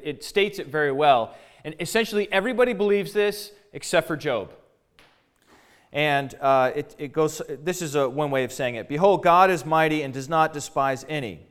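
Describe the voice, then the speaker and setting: Guy preaching bible stuff casual, kinda high voice, keeps repeating words and talking slangy. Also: fairly quick. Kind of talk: conversational Bible teaching.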